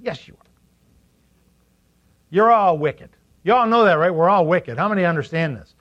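A male pastor preaches to his congregation in a lively way, firing questions at them. He acts out quotes in funny voices. His voice sits fairly high, and the recording sounds dull and lo-fi. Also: moderate pace, pauses often. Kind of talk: sermon.

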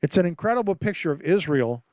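A man preaching a sermon as pastor, telling stories with lively acted-out voices and asking rhetorical questions. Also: high voice, fast, dry recording. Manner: animated storytelling with rhetorical questions; acts out voices and sounds in his stories.

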